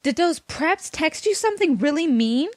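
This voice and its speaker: A dramatic teenage girl shrieks in a very high, swooping voice, as a woman reads her in a fan story reading. She is boy-crazy and excitable. The sound is dry and close. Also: moderate pace, dry recording. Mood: excited squeals. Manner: shrill, squealing yells.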